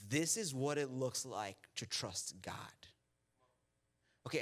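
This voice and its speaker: A man preaching a sermon as pastor in a church auditorium. He tells the story in a conversational, animated way, acting out the characters and checking in with the crowd. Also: medium pitch.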